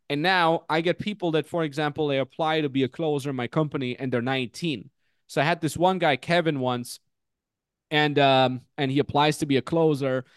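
A man in his thirties hosting a podcast, telling stories in an animated, swear-heavy, casual way. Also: on the high side, clean tone, no room sound, studio quality. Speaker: podcast host.

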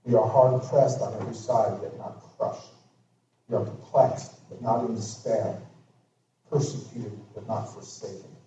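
A male pastor preaching a sermon, acting out arguments in animated storytelling. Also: on the low side, a little slow, slight background noise. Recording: echoey hall from far off, dull.

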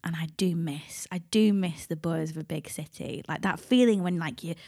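A woman in her thirties co-hosting a podcast, chatting in a relaxed, reflective way. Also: fairly low pitch, moderate pace, no room sound, studio quality. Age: 30s. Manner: reflective and relaxed, with a lot of fillers. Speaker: podcast co-host. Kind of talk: casual chat.

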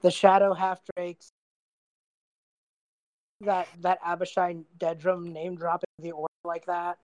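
A woman narrating a tabletop game as game master, relaxed and chatty, slightly losing her voice. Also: fairly low pitch, a little slow, no echo. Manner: relaxed narration with frequent fillers and laughs.

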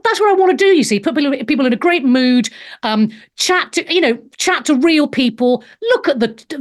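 A woman hosting a live talk show, effusive and affectionate with callers, often halting and restarting as she talks. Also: high-pitched. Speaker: host.

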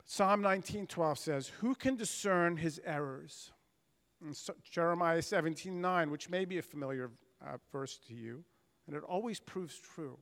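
A man delivers a sermon in a church sanctuary, his voice pitched high and his phrases swelling with emphasis. He acts out biblical speakers as he preaches. The sound rings with the long reverb of a large hall. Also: normal speed, a bit bright. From United States. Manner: earnest preaching with emphatic swells and dramatized quotes. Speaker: pastor.

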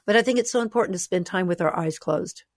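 A woman author talking as a guest in an interview, animated and expressive, sometimes playful. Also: on the low side, fast talker, dry recording, clean studio sound. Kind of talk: conversational interview.

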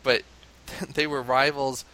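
A man from the United States, a father, telling a lively anecdote in casual conversation, laughing often and mimicking chanting crowds. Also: medium pitch, slow pace.

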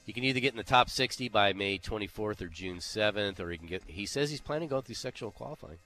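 A man with a very low voice talks casually with a co-host, reading off scores and trading remarks. His tone is bright and forceful despite the depth. Faint music sits underneath. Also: lively intonation, fast. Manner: runs down leaderboard, conversational with fillers. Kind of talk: casual golf chat.

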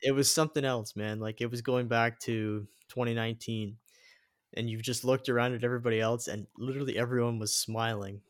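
A man's voice: medium pitch, steady tone, a little fast, no room sound, clean studio sound. A man from Canada chatting casually as a podcast co-host, rambling and filling his talk with "like" and "um". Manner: rambling, full of fillers and "like". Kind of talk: casual chat.

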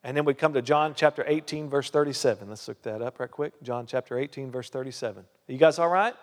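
A man's voice: medium pitch, fast, big-room sound. A man preaching a sermon as a pastor, emphatic, with many rhetorical questions. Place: church hall.

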